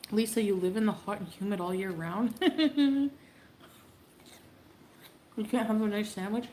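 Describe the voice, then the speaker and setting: A woman's voice: medium pitch, a little slow, pauses often, warm tone. A woman chatting casually on a livestream, laughing and greeting viewers by name. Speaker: livestreamer in a played clip. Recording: echoey room with faint background noise.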